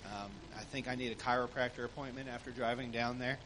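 Male pastor, mid-pitched, relaxed report, hesitant pauses, faint room noise. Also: long reverb tail. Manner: relaxed, hesitant with many fillers. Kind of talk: church mission report.

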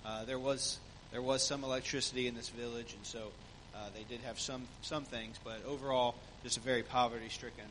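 Man, pastor, relaxed church report, many fillers, long hall echo. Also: medium pitch, a little fast, hardly any pauses, background noise.

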